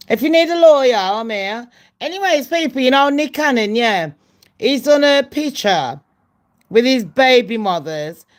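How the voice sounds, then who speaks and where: Chatty profane woman gossiping. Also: on the high side. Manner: chatty, profane, laughs at her own jokes. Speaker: channel host. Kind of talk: casual gossip chat.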